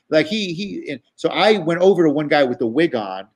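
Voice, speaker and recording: A man tells road stories as a guest, casual and profane. His voice sits a bit high for a man. He restarts sentences often and piles on fillers as he goes. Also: animated, quick pace, few pauses. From New York. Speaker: guest comedian. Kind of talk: casual storytelling.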